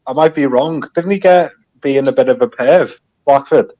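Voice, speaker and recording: A man's voice: mid-range voice, moderate pace, warm tone, muffled recording. A man co-hosts a casual podcast in a mid-range voice. He speaks bluntly, often dropping in short, terse remarks. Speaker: podcast co-host. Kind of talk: casual political chat.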